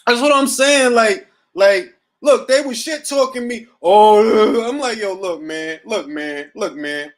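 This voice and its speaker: A man's voice: sits high, slow, hardly any pauses. A middle-aged man hosting a boxing talk show, ranting profanely and casually on a livestream from home. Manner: profane, animated, riffing. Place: at home, seated.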